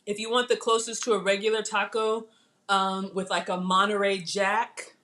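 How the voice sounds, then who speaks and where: A middle-aged woman, chatting excitedly while cooking live and tasting food. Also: mid-range voice, moderate pace. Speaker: cooking livestream host. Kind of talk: casual live cooking chat.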